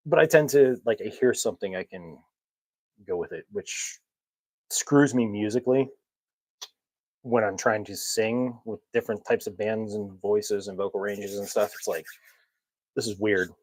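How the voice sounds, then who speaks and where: A man's voice: fairly low pitch, normal speed, pauses often, a little mellow, dry recording, rough recording. A man hosting a casual podcast chat, rambling from one story to the next, chuckling often and poking fun at himself. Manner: rambling, chuckles often, self-mocking humor. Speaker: podcast host.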